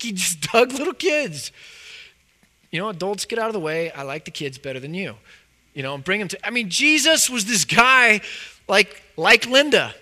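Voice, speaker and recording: Bright-voiced casual male preacher. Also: high-pitched. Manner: casual, conversational preaching with many fillers. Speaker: pastor. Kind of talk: sermon.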